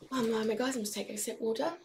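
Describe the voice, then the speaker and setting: A woman hosting a casual spiritual livestream, talking in a meandering, airy way with many likes and drifting into soft whispered prayer. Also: fairly high pitch, steady tone, very fast, far from the mic, slight background noise. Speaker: livestream host.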